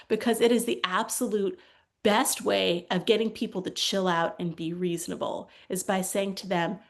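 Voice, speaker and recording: Young woman workshop presenter, conversational, acts out dialogue in anecdotes. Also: medium pitch. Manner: animated storytelling, acts out quoted lines. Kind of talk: conversational teaching talk.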